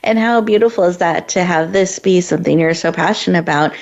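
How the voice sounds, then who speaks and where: A woman's voice: fairly low pitch, brisk. Effusive female host, lo-fi call. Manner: effusive, upbeat introductions. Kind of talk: interview hosting. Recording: muffled, lo-fi sound.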